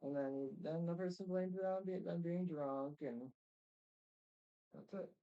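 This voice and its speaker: A man's voice: on the high side, a little slow, clean tone, highs cut off. A man streaming live, chatting casually and rambling while he reacts to a video. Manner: rambling, with many fillers and restarts.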